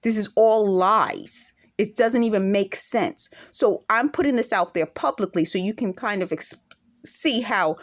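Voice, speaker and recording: Woman, accented, mid-pitched voice, indignant, emphatic, vlog monologue to camera. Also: measured pace. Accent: speaks with an accent of her own. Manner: indignant, emphatic, rhetorical questions. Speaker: vlogger.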